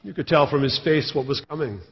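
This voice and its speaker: Preacher with wry storytelling. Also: male voice, fairly high pitch, brisk, big-room sound, highs cut off. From Scotland. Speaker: pastor. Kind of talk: sermon. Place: church sanctuary.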